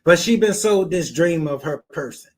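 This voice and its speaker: A man with a notably high-pitched voice delivers profane reaction commentary. He is blunt and mocking, and he hammers his points by repeating them. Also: animated, moderate pace. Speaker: reaction podcast host.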